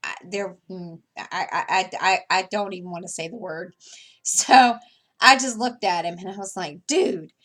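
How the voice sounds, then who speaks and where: Her lowish, slightly bright voice moves at a normal speed as she, a crafting vlogger, chats while doing a craft project. The talk rambles, with many fillers, restarts, and chuckles between thoughts.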